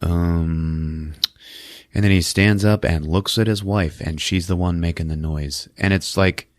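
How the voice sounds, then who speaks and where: A man's voice: deep voice, fairly even intonation, normal speed, dry recording, studio quality. A man hosting a podcast, casually retelling a film with loose, profane energy. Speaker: podcast host recapping a film. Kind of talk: casual chat.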